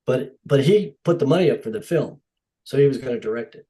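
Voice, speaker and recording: A man's voice: mid-range voice, brisk, poor audio. A middle-aged man, a stunt coordinator, telling stories in a casual podcast interview and acting out the dialogue with animation. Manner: animated, acts out quoted dialogue. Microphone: podcast microphone.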